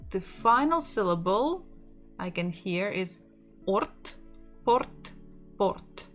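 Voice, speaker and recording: A woman teaching a language lesson online, speaking English with a Russian accent. She talks slowly and patiently. Soft music plays faintly behind her. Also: medium pitch, sing-song. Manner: patient, explains slowly, laughs softly now and then.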